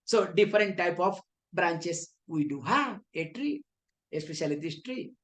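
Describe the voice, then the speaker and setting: A woman's voice: fairly low pitch, animated, measured pace. A woman teaching scripture, often asking rhetorical questions and answering them herself, with playful teasing asides. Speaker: spiritual teacher. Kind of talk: scripture lecture in English.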